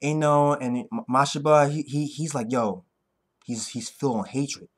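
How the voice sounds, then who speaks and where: A man giving an excitable, profane anime fight recap that keeps bursting into yells. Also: mid-range voice, measured pace, a little hiss or hum. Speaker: anime reaction vlogger. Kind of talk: hyped casual recap.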